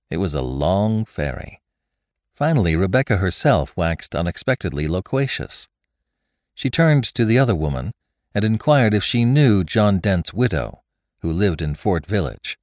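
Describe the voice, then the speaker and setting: Deep voiced guy narrating an old story, lively up-and-down reading, dry close sound. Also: dry recording. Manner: expressive reading. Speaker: podcast narrator.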